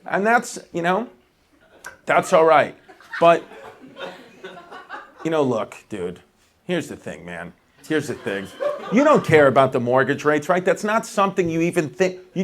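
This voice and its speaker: A man's voice: sits high, sing-song, a little slow, long pauses, fairly bright tone, slight background noise. A male stand-up comedian doing rambling, self-mocking crowd work on a club stage. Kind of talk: stand-up set. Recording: audience laughter throughout.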